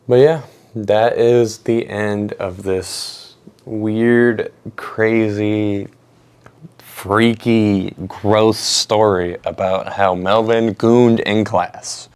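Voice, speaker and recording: Animated young man telling stories. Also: on the low side, slow pace. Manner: animated, slangy, swearing, exclaims. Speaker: vlogger. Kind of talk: story-time vlog.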